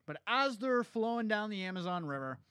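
A man's voice: high voice, sing-song, pushed and bright, smooth, no room sound. A man co-hosting a casual movie review chat, swearing and telling the plot in a laid-back way. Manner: swearing, laid-back storytelling, quick asides. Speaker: podcast co-host.

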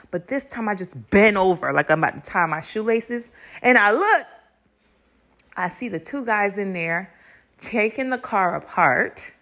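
A young woman hosting a podcast, telling a story in a casual, animated way, cursing freely and laughing between lines. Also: mid-range voice. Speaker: podcast host.

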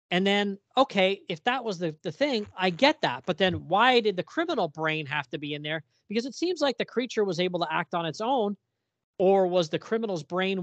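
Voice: mid-range voice, no room sound. A podcast co-host in casual chat, reading comic captions aloud and asking puzzled questions about the plot.

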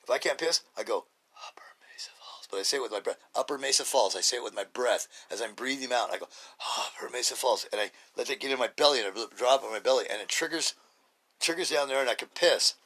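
A man's voice: medium pitch, quick pace, sharp tone, breathy edge. A middle-aged man hosting a podcast, talking in a blunt, rambling casual monologue full of fillers and restarts. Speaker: podcast host.

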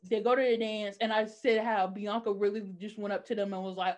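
A woman's voice: mid-range voice, fairly quick, hardly any pauses, dull audio. A woman in casual chat, animatedly retelling a TV episode and acting out the characters' lines. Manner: animated storytelling, acting out quotes in different voices. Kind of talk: casual chat recapping a TV show.

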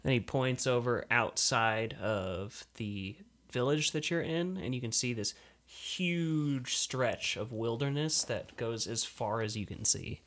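A man's voice: mid-range voice, slow, fairly bright tone. A man narrating as game master in a casual, profane manner. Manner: casual, swears, laughs often.

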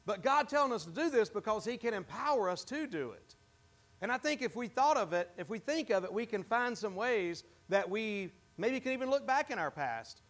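In a high, sing-song voice with a bit of brightness, a preacher leads an interactive sermon. He addresses the congregation with questions and often restarts what he's saying, keeping a casual, halting delivery.

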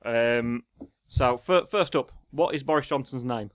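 A man's voice: mid-range voice, measured pace, no room sound, clean studio sound. A man co-hosting a casual chat, answering quiz questions while thinking aloud with hesitations. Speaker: podcast co-host.

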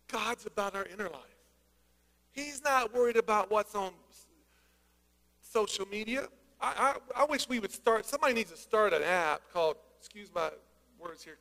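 A man preaching a sermon, energetic and conversational, with joking asides. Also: high-pitched. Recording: long hall reverb.

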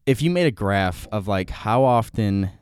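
Rambling young man, smooth low voice. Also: animated, moderate pace, a little mellow. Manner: rambling, many fillers and restarts. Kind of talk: casual podcast chat.

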